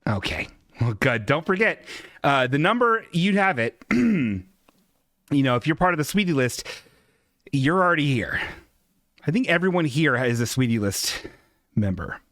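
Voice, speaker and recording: A man's voice: a little high, very animated, unhurried, long pauses, fairly bright tone, no echo, studio quality. Rambling man hosting a podcast. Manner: rambling, self-deprecating, swears freely. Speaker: podcast host. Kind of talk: casual solo podcast chat. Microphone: desk microphone.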